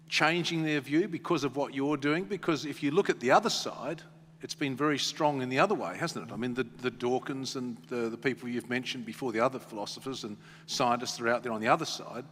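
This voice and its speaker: A man's voice: mid-range voice, moderate pace, a bit bright, long reverb tail. A man, a radio host moderating a stage interview, asking questions in a conversational, anecdotal way.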